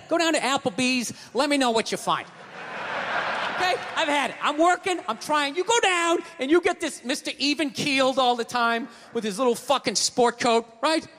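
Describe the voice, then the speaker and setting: A man in his forties doing a profane, ranting stand-up comedy routine on stage, with loud outbursts. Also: very high voice, a little hiss or hum. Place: stage in a large venue. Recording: live show in a big hall.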